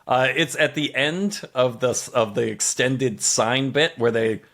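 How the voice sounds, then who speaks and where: A man co-hosting a comedy podcast, recapping a TV episode with animated, mock-dramatic storytelling. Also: medium pitch, measured pace. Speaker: podcast co-host.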